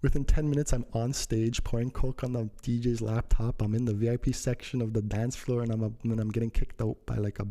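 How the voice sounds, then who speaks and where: A man's voice: medium pitch, level tone, fairly quick, hardly any pauses, dark tone. A young man telling a rambling casual story full of slang, acting out what people said. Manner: rambling, slangy, acts out quoted lines.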